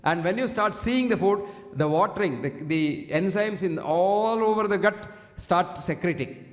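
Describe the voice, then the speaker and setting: A man's voice: sits high, measured pace. A man with an Indian English accent giving a preachy motivational health talk, quoting Sanskrit verses. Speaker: health speaker. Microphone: single handheld or stand mic. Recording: echoey hall.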